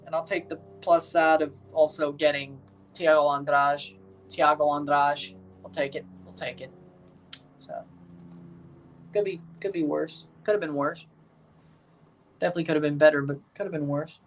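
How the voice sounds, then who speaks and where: A man's voice: fairly high pitch, fairly even intonation, moderate pace, a bit bright, slight background noise. A man streaming casual, opinionated commentary as he watches a football match and talks to his viewers.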